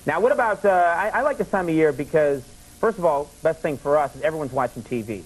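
Animated, high-voiced male talk show host. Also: fast, rough recording. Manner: playful, mock-formal questioning. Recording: old broadcast tape with audible hiss.

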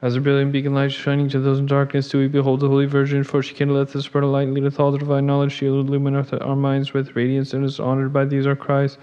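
Man reciting fast on a single tone. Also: medium pitch, smooth, muffled recording. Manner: rapid even recitation on one tone. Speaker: monastic reader. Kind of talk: chanted liturgical reading. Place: monastery church.

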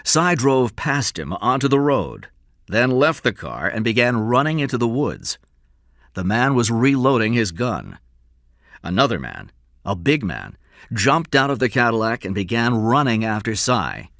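Bright-voiced male audiobook narrator. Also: mid-range voice, very animated, no room sound, clean studio sound. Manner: clear, measured storytelling.

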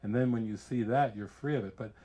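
An American man, a spiritual teacher, giving an informal retreat talk full of lively personal stories, laughing often and acting out what others said. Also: lowish voice, fast talker. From United States. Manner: animated storyteller who laughs often and acts out quotes.

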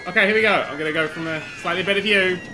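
A man hosting a gaming channel, giving excitable let's-play commentary into a desk mic, laughing and swearing as he plays. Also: high voice, racing, background noise.

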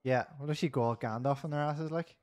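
A man's voice: mid-range voice, quick pace, darkish tone. A man chatting casually while playing a game, swearing freely and laughing often. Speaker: gamer. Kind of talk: casual gaming chat.

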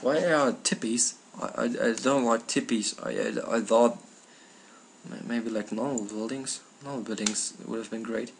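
A man's voice: mid-range voice, steady tone, unhurried, slight background noise. A man with a German accent playing a strategy game at night, cursing and muttering at the computer as he plays. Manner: swears often, talks to the game in frustrated outbursts. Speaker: gamer. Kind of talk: live gameplay commentary.

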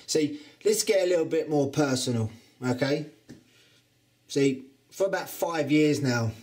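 A man's voice: medium pitch, a little mellow. A man with a Cockney London accent giving a taunting, boastful wrestling promo as a trainer, swearing freely. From England.

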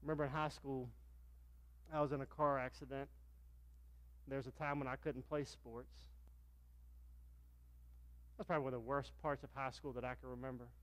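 A mid-range, slightly bright male voice carries this sermon by a middle-aged pastor from Virginia in the US. He narrates stories and performs their dialogue, lifting his voice for the spoken parts.

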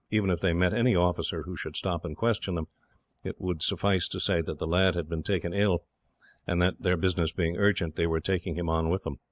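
A man reading an audiobook in steady, measured scripted narration. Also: deep voice, no room sound.

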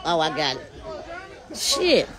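Lively woman livestreaming on her phone. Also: low-pitched, very slow, crowd noise. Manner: animated, talks straight to viewers. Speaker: livestreamer showing a car. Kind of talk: casual live-stream chat. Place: outdoors at night, then inside a car. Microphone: phone held in hand.

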